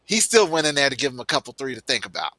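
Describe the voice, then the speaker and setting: Bright, emphatic podcast co-host. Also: male voice, medium pitch, big pitch swings, rapid-fire, no echo. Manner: emphatic, tags points with "Okay". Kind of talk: casual sports chat.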